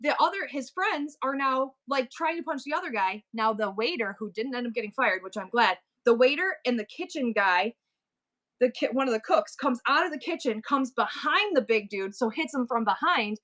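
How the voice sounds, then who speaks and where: A woman's voice: a little high, normal speed. Chatty middle-aged woman, rambling storyteller. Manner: animated, rambling storyteller with many asides and restarts. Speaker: live-stream seller and host. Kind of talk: casual storytelling chat.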